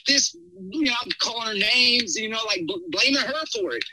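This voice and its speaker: A middle-aged man telling a personal story in a casual podcast chat, rambling and animated, with many fillers. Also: sits high, brisk, low-quality recording. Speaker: podcast guest.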